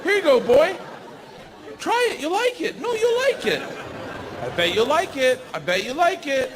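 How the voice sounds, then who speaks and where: A man voicing a woman who coaxes a horse with carrots in a high sing-song voice. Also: very animated, normal speed, a crowd in the background, background noise. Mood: coaxing. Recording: loud music behind.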